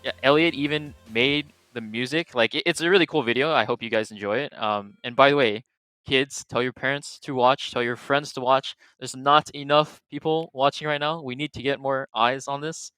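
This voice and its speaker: Bright, excitable male co-caster. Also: mid-range voice, normal speed, clear, resonant tone, dry recording, soft background music. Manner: excitable, rambling. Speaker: esports co-caster and organizer. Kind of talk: live esports commentary.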